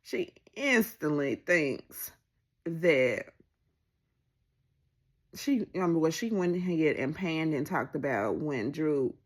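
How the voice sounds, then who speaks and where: A woman's voice: slow pace, pauses often. A woman casually recapping a reality show, acting out what people said with big swings in her voice. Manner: animated, acts out quoted lines with pitch jumps.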